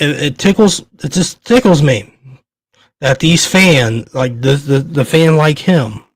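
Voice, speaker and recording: A podcast host with a voice on the high side rants angrily in a dry recording with no room sound. Shaking with rage, he swears hard and stammers over repeated words in a heated, profane commentary.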